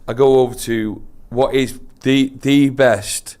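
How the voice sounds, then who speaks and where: A man co-hosting a casual podcast, telling a story with animated embarrassment. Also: medium pitch, slow pace, clean tone. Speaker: podcast co-host.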